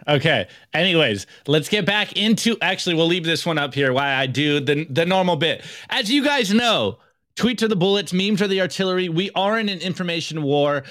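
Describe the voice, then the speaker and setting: Podcast co-host, male, higher voice, dry close sound, slangy and energetic. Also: no echo. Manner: energetic, slangy, quick asides. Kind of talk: casual chat, reading memes aloud.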